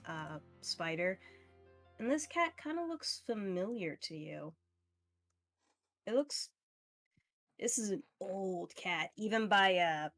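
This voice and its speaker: A woman game master narrating a pet tabletop adventure at a middle pitch. She meanders, with frequent fillers and easy laughter.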